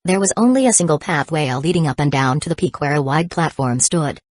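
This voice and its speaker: A woman narrating an audiobook in a steady, even storytelling manner. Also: deep voice, a little fast, dry recording. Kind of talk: scripted narration.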